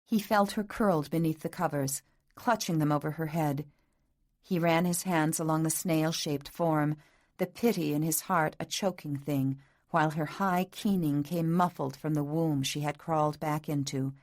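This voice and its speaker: Woman audiobook narrator, slightly low pitch, soft measured romance reading. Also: steady tone. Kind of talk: scripted narration.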